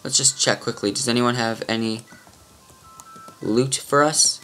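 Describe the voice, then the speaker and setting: Male gameplay host, mid pitch, casual and offhand. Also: fairly even intonation, unhurried, sharp tone, faint music behind. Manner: offhand, mumbling asides, trails off. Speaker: let's play host. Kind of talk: casual game commentary and reading tutorial text.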